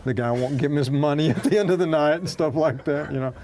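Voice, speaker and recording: A man from the American South, a guest actor chatting casually, rambling and wry with many pauses and fillers. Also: fairly high pitch, darkish tone, slight background noise. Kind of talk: casual chat.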